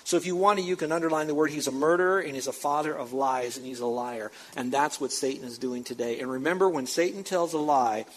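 A man's voice: on the high side, fast, hardly any pauses, low-quality recording. A man preaching a sermon as pastor, talking straight to his congregation and repeating words for emphasis. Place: church sanctuary with a screen.

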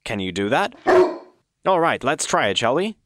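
Deadpan mock-radio host, lively pitch. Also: male voice, normal speed, no room sound. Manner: deadpan, pompous. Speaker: comedy show host.

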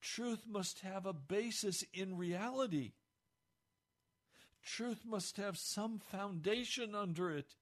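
Male pastor, blunt earnest sermon delivery, slightly higher-pitched voice. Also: slow.

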